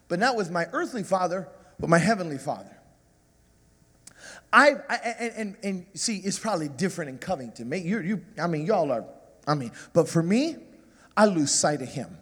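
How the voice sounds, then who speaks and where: High-voiced preacher in an echoing hall. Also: male voice. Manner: animated, self-mocking storyteller. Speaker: guest preacher. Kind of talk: sermon with comic storytelling.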